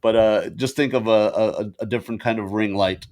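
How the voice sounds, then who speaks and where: A man co-hosting a podcast, telling stories in animated casual banter and laughing often, recorded over a video call. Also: fairly low pitch, normal speed. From Indian family. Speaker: podcast co-host. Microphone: video call with ring light.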